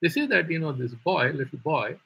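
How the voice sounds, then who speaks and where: A man's voice: on the high side, expressive, brisk, vocal fry, fairly bright tone, slightly rough, rough recording. A man teaching a live online Vedanta philosophy class, explaining patiently with rhetorical questions and repeated terms.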